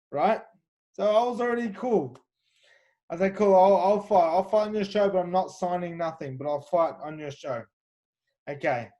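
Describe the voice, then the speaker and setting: A man's voice: sits high, dark tone. A man, a kickboxer, telling fight stories in an interview, confident and chatty with many fillers and restarts. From Australia. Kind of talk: animated storytelling interview.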